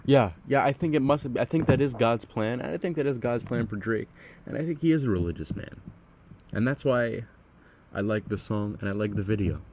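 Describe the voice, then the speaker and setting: A man's voice: medium pitch, lively intonation, a little fast, darkish tone, slight background noise. A man hosting a podcast, chatting casually about music in an earnest way and asking leading questions. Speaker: podcast host.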